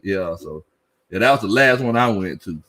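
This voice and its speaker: In a lowish voice at normal speed, this middle-aged sports show host reads viewer comments on a casual live stream, laughing frequently and speaking animatedly with Southern slang.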